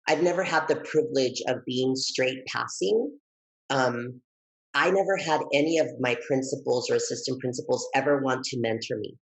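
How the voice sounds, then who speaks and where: A man guesting on an interview, telling his story in a lively, expressive way that jumps high when he gets excited. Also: low-quality recording. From Texas, United States. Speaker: guest, educator and author.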